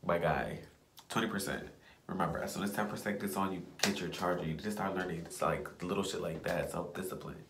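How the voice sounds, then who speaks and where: A man's voice: low-pitched, fairly quick, echoey room, background noise. A young man ranting to himself in a casual vlog, blunt and profane, repeating phrases as he pushes himself on. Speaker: vlogger. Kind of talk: casual self-talk rant.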